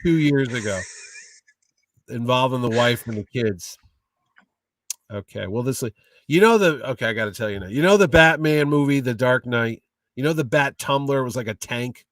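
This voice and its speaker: A man telling funny stories in a casual interview, an animated, jokey storyteller. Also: mid-range voice, normal speed, no room sound, distant mic. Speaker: guest, comic con owner.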